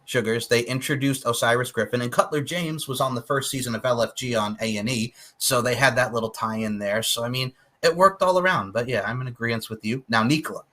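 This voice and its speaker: A man hosts a casual wrestling review podcast, joking around and laughing easily. His voice is bright and clear at a middling pitch. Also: brisk, few pauses. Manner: excitable, laughs often, jokey. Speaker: podcast host.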